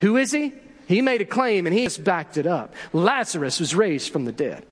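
High-voiced preacher in a reverberant hall. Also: male voice, expressive, moderate pace. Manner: storytelling preacher, acts out quotes, asks the congregation questions. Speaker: pastor. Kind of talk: sermon.

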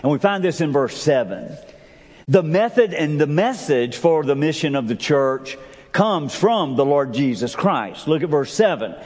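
A man preaching a sermon as pastor, emphatic, with big swings in pitch and pace. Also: expressive, measured pace, darkish tone, breathy edge. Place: church sanctuary. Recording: long reverb of a church sanctuary.

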